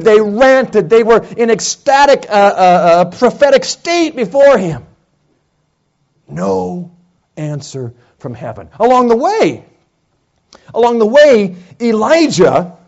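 A man preaching a sermon, retelling a Bible story dramatically and acting out the prophets' cries, swinging from loud calls to hushed lines. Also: high voice, very animated, slow, pauses often, highs cut off. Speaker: pastor.

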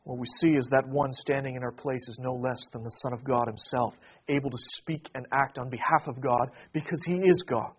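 A male pastor preaching a sermon to his congregation. He swells to emphatic peaks and then drops to a hush. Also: mid-range voice, steady tone, brisk, slightly rough, muffled recording.

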